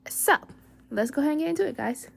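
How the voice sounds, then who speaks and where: A woman's voice: sits high, lively intonation, fast, gravelly. A young woman hosting a casual advice podcast, bubbly and gushing, full of endearments and fillers. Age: young adult. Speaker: podcast host.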